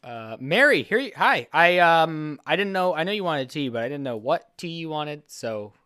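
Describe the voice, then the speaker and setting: A man doing a nervous businessman with a smooth, clear voice, hesitant and flustered, stumbling through fillers. The sound is dry and close. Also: a little high, sing-song, moderate pace, sharp tone, no room sound. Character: nervous, old-fashioned male businessman. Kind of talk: improvised comedy scene.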